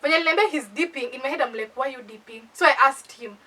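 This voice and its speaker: A young woman with a Kenyan accent telling a casual storytime, animated and indignant. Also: high-pitched, fast talker, a little hiss or hum. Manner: animated, indignant, code-switching. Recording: voice distant from the mic.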